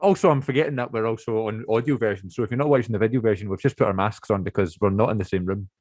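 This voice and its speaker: A man's voice: lowish voice, very fast, darkish tone, dry recording. Young male podcast host, dry close sound, rambly and chatty on a video call. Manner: chatty, rambling, self-correcting. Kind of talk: casual chat.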